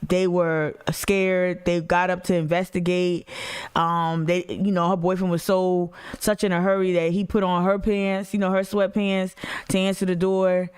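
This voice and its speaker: A woman's voice: on the low side, little pitch movement, a little slow, a little mellow, clear, resonant tone. A woman hosting a casual livestream, blunt and emphatic, slangy, and talking straight to her chat. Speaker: activist livestream host.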